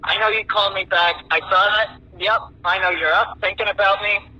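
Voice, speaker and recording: A man's voice: sits high, steady tone, fairly quick, bright, forceful tone, lo-fi sound, full character voice. A man doing an unhinged lovesick stalker voicemail. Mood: agitated. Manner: rambling, swearing, swings between pleading and unhinged. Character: obsessive lovesick man leaving frantic voicemails. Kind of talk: played voicemail recording.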